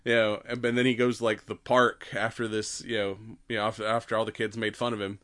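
A man's voice: fairly low pitch, flat delivery, fast talker, a bit bright. A man in casual chat about a horror movie, rambling and laughing often as he acts out scenes.

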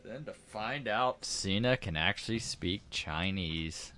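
A man co-hosting a podcast, chatting casually about a movie in a relaxed way, thinking aloud. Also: on the low side, slow pace. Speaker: podcast co-host.

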